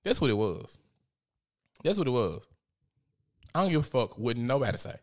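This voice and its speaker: A man's voice: medium pitch, big pitch swings, normal speed. A man giving casual, profane, gossipy commentary as host, often laughing.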